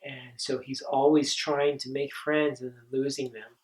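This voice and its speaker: A man giving a training talk to camp counselors, earnest and halting, with frequent ums and restarts. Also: medium pitch, flat delivery, darkish tone, distant mic, low-quality recording. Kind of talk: instructional talk.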